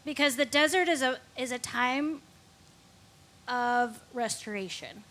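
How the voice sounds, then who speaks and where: A woman's voice: sits high, unhurried, fairly bright tone. A woman giving a candid, reflective faith testimony as a guest on a Christian talk show.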